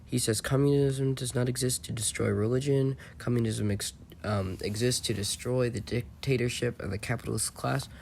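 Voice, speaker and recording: A man's voice: medium pitch, fairly even intonation, normal speed, gravelly, few pauses, a little mellow, slight background noise. A man talking over screenshots in a rambling, mocking, self-assured commentary voice-over. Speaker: channel host.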